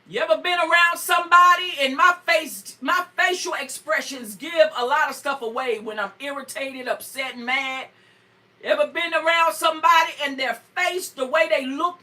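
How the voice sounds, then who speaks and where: A woman preacher from North Carolina, preaching fervently with frequent whoops and shouts and greeting listeners by name. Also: sits high, recorded from a distance. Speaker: preacher on a morning show. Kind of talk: sermon.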